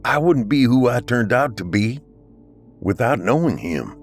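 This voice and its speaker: A man voicing a grieving ex-military brother who speaks earnestly and then in crisp commands. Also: mid-range voice, big pitch swings, unhurried, soft background music, pitched above the performer's own voice. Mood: tender grief.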